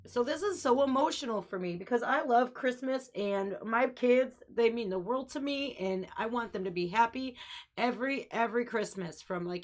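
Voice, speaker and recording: A woman's voice: on the high side, a bit bright. A woman hosting a music reaction video, talking in an earnest, heartfelt and rambling way with lots of fillers. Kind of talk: casual reaction commentary.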